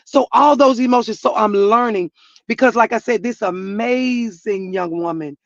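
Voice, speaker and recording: A woman's voice: fairly high pitch, moderate pace, dry recording, lo-fi sound. A middle-aged woman, a grieving mother, telling her story in an earnest, church-flavored way, sometimes rising to emphatic outbursts. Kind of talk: emotional personal testimony.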